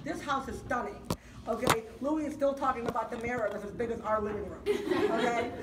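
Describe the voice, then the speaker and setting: A woman chef giving a product demonstration, telling stories to a live audience in an animated way, laughing through her lines and often checking in with "okay?". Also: on the high side, a little fast. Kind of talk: lively storytelling to a live audience. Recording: echoey room, distant mic, loud crowd and noise.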